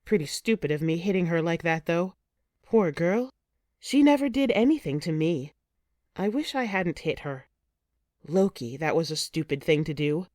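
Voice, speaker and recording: Expressive woman narrating an audiobook. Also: lowish voice, normal speed, no room sound, studio quality. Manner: expressive, emotive storytelling. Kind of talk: first-person audiobook narration.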